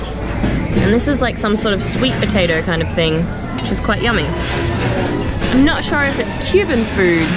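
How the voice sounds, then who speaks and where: A woman's voice: medium pitch, low-quality recording. A young woman chatting casually to camera as a travel vlogger, giggly and self-mocking. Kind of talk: casual vlog chat to camera.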